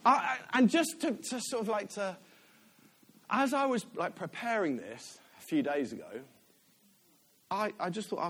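A man's voice: high-pitched, very animated, unhurried, pauses often, a bit bright, slightly rough. A man, a church elder, giving a chatty, self-deprecating sermon in a church.

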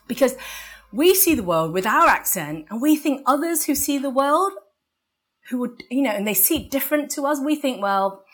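A woman's voice: high-pitched, animated, normal speed. A woman with an English accent preaching a sermon in a conversational way, asking the congregation for amens and laughing at her own jokes. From England.

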